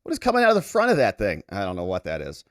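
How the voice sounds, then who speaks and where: A man's voice: fairly low pitch, very fast, no room sound, clean studio sound, faint music behind. A man hosting a casual commentary show, chatting and joking as he reacts to clips. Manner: animated, chatty, jokey asides. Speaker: lawyer commentator, host.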